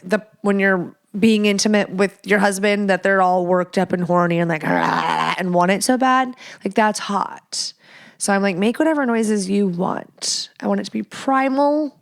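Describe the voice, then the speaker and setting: A young adult woman hosting a candid solo podcast, frank and playful, with whispered asides and sudden high squeals. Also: smooth. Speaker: podcast host.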